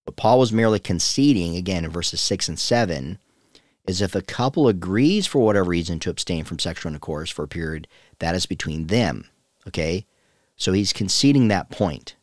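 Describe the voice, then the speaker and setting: A man's voice: low-pitched, dry recording, studio quality. A man teaching as a pastor on a Bible podcast, earnest and conversational, often restarting his sentences.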